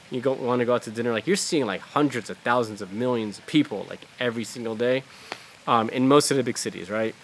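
A man of middle pitch holds forth in a loose, heated podcast rant, full of "like" and "dude" and blunt swearing. His talk rambles and restarts, then presses hard on a point. A faint noise floor sits under the recording. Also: fairly bright tone. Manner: blunt, profane, heated, lots of fillers. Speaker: podcast host. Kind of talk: casual ranting talk.

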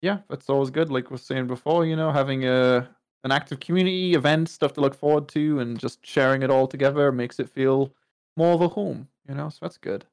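Laid-back male guest, joking, gravelly voice in a dead-dry recording. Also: mid-range voice, fairly quick, darkish tone, no echo. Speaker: podcast guest. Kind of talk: casual podcast chat.

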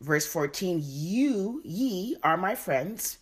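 Woman Bible teacher with a low, slow delivery who goes through scripture verse by verse. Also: big pitch swings, breathy edge. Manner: reads scripture then repeats and explains it.

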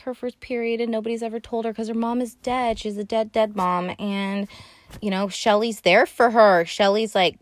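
A young woman hosting a podcast, recapping a film in a casual, profane, animated way with sassy asides. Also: medium pitch, moderate pace, dry recording. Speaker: podcast host.

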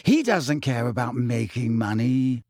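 A dreamy, faraway teenage girl who speaks softly and without hurry, read by a man. The voice sits low and quiet against the other characters, and the reading is dry and close. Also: sing-song, no echo. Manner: dreamy, soft, unhurried. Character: dreamy odd teenage girl, vague and calm.

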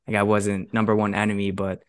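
A man's voice: fairly low pitch, brisk, smooth, no room sound. Swearing young man telling a story. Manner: animated, swears a lot, acts out quotes. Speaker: podcast co-host. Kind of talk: casual storytelling.

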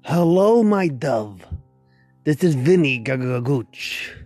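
A man's voice: a little high, lively intonation, takes it slowly, music in the background. A man voicing a quirky oddball who croons an odd, affectionate greeting in a comedic voice message. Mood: crooning.

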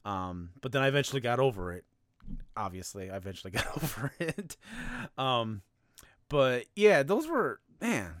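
Chatty male podcast host, smooth voice. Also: on the high side, fairly bright tone, dry recording, clean studio sound. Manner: chatty and laughing, with frequent fillers. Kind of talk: casual podcast chat.

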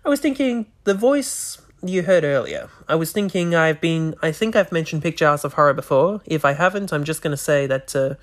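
Rambling through a solo podcast monologue into the microphone, the host restarts often and now and then slurs words slightly. The mid-range voice is animated and fairly quick, with hardly any pauses.

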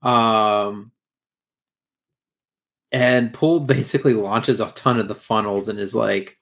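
A man's voice: fairly low pitch, fairly even intonation, slow, fairly bright tone. Rambling crude man on a podcast. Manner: rambling, crude, lots of fillers and laughs. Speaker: podcast co-host recapping an anime episode. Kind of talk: casual chat.

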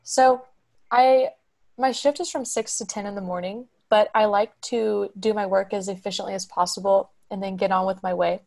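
A woman's voice: medium pitch, steady tone, moderate pace, creaky, a little mellow. A young woman, telling a story on a podcast in a chatty way. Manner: chatty, acts out quoted voices. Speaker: podcast co-host.

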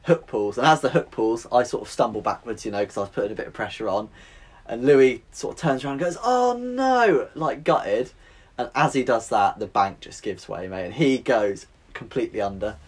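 Podcast guest, English man, slightly low voice, chatty and self-mocking, says "mate" a lot. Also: brisk, breathy edge. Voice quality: sometimes sounds a bit nasal, like he has a cold. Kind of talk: casual storytelling chat.

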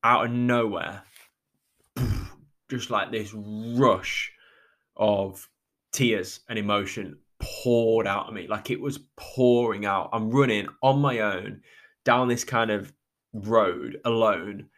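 A man from England, hosting a podcast, telling a personal story in a halting way, close to tears and stopping often. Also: lowish voice, fairly even intonation, a bit bright. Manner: halting, with many restarts and trailing pauses. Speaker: podcast host. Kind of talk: reflective personal monologue.

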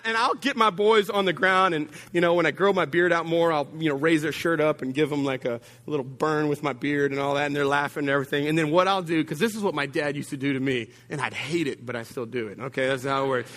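A male pastor preaching a sermon, telling humorous stories with sudden jumps in pitch and loudness and calling out to the congregation. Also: fairly quick, hardly any pauses. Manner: humorous, animated storytelling with big swings of pitch and volume; addresses the congregation directly with call-outs.

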